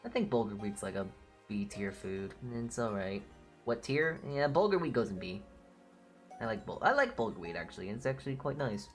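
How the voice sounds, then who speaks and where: A woman's voice: a bass voice, very animated, normal speed, soft background music. A woman streamer chatting casually on a live stream, blunt and opinionated, with casual swearing.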